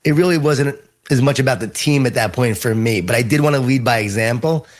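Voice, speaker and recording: A middle-aged man with a Long Island New York accent, a guest author telling earnest, animated stories in an interview. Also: mid-range voice, brisk. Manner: earnest, animated storytelling with repeated phrases. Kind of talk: storytelling interview answers.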